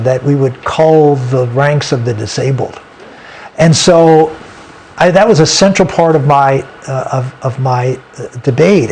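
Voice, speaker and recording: A man as an interview guest, telling a personal story in an earnest, halting way with frequent restarts. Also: fairly high pitch, darkish tone, slight background noise.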